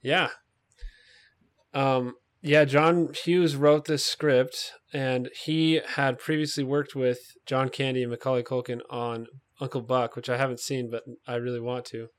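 A man at an ordinary middle pitch hosts a casual film podcast. He talks in a loose, rambling way, full of fillers and little tangents. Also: fairly even intonation, unhurried. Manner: chatty, lots of fillers and tangents. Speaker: podcast host. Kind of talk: casual movie chat.

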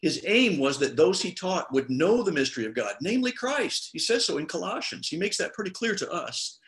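In a high, brisk voice, a male pastor gives a sermon with a conversational feel. He animates the people he quotes, giving each a lively voice of its own.

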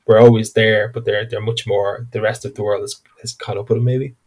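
A man casually discussing a horror film, animated, acting out quotes and repeating words as he thinks. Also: fairly low pitch, brisk. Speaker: podcast co-host.

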